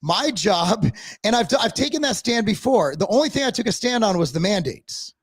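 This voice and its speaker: A man's voice: sits high, sing-song, slightly rough, dry recording. A man co-hosting a casual live-stream talk show, ranting bluntly with lots of swearing and restarts. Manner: blunt, profane, rapid rambling with restarts. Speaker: podcast co-host. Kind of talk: casual chat.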